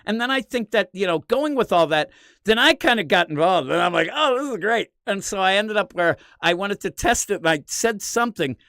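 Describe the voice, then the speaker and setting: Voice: mid-range voice, a little fast, dry recording, clean studio sound. A comics podcast host telling a long rambling story in casual chat, swearing freely. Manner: rambling, animated, profane storytelling.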